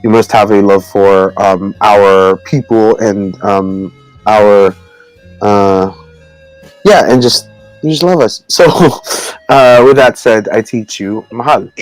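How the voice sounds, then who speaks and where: A man co-hosting a casual video call chat, teaching Tagalog words in a halting, rambling way with many fillers and frequent laughs. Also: fairly low pitch, steady tone, no room sound, faint music behind, rough recording. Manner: laughs often between words.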